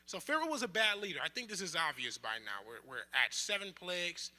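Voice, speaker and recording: Young man, bible study teacher, high voice, very bright and tense tone, casual joking talk. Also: fairly quick. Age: young adult. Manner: conversational, joking, with lively asides and acted-out quotes. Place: room of a bible study group. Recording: roomy hall with long reverb.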